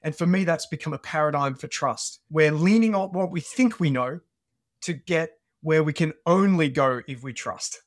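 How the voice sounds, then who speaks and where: Australian male guest, lively storyteller, slightly higher voice, dry close mic. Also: moderate pace, no echo. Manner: animated storyteller. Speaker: podcast guest. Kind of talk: conversational interview.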